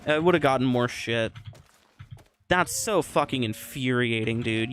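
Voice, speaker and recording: A young man with a medium-pitched voice and lively intonation speaks at a moderate pace over soft background music. A gamer streamer, he plays a video game and angrily rants in a casual way, swearing often about losing a fight.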